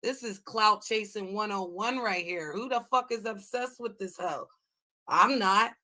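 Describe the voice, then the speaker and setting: A woman's voice: medium pitch, a little slow, bright, forceful tone. A woman from the United States hosting a livestream, ranting in a brash, profane, combative way. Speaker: livestream host. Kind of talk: heated livestream chat.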